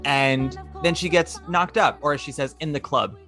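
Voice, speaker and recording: A man hosting a podcast, casually recounting a musical's plot with lively asides. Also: fairly high pitch, moderate pace, faint music behind. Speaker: podcast host. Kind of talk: casual chat.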